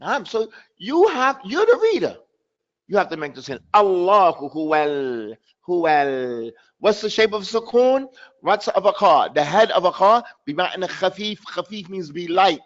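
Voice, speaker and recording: A man teaching a language class online, with a fairly high voice. He talks emphatically and repeats words again and again to drill pronunciation. The audio sounds dull and lo-fi, as from an online class. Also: sing-song, moderate pace. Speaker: Arabic teacher.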